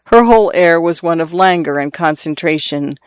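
A man reading a novel aloud as narrator, in a measured, even storytelling manner. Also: fairly high pitch, clear, resonant tone, no room sound. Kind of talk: scripted audiobook narration.

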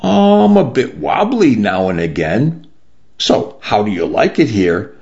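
A man's voice: fairly low pitch, very animated, slow pace, creaky, a little mellow, muffled recording, heavily acted. A man voicing a shy, nervous young woman with a London accent.

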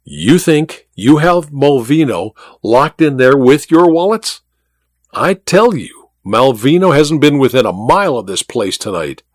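An excitable, dapper gentleman who blurts his words in raised, lively bursts. A man plays him in a dry, close storybook reading. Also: mid-range voice, a little slow, dry recording. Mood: insistent.

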